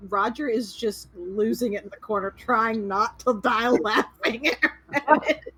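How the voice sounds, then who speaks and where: A woman's voice: on the high side, measured pace, slightly rough, rough recording. A woman playing a tabletop game, chatting casually and laughing. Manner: laughing, animated. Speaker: player.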